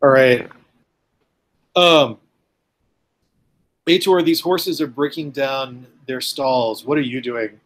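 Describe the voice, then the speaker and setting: A man's voice: mid-range voice, slow pace, long pauses, a bit bright. A man running a tabletop game as game master, rambling with many ums and uhs.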